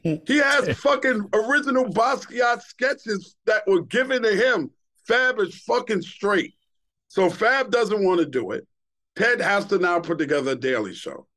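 Animated, profane male storyteller from Queens. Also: high voice, unhurried. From Queens, New York. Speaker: guest, radio DJ. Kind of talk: casual podcast storytelling.

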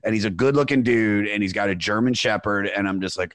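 A young male comedian telling a story in an animated way, swearing and acting out quotes. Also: fairly low pitch, fast talker, few pauses, no echo. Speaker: comedian, podcast guest. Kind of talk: casual storytelling chat.

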